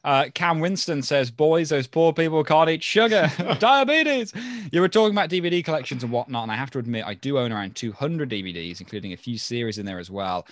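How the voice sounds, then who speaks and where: A man's voice: mid-range voice, lively intonation, fast talker, few pauses, dry recording. A man co-hosting a podcast, chatting casually and reading listener mail with dry, sarcastic jokes. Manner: dry, joking, sarcastic asides. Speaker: podcast co-host.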